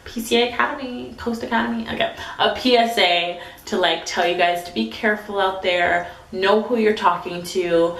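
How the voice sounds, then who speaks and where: A woman's voice: mid-range voice, steady tone, fairly bright tone. Chatty young woman in an echoey room. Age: 20s. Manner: chatty, says "like" a lot, reads texts aloud in quick bursts. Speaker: vlogger. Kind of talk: storytime vlog.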